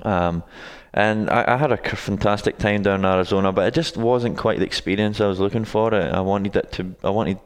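A man's voice: on the low side, fairly even intonation, fairly quick, few pauses, smooth, big-room sound. A Scottish man in his twenties answers interview questions in a casual, hesitant way, with many ums and restarts. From Scotland. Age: 20s. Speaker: guest, college soccer coach.

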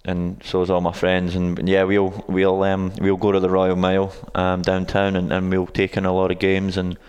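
A Scottish man in his twenties, a college soccer coach appearing as a guest, gives casual interview answers in a very deep, resonant voice that stays smooth and even with little rise or fall. He speaks at a moderate pace but hesitates a lot, with frequent ums and restarts. A long reverb suggests the recording was made in a hall.

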